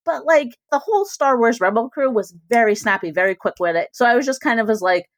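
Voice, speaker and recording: A woman who is a former cohost back as a guest, chatting animatedly about a TV series, laughing often and slipping into slow mock voices. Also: fairly high pitch, expressive, dry recording, clean studio sound. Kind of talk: casual podcast chat reviewing a TV series.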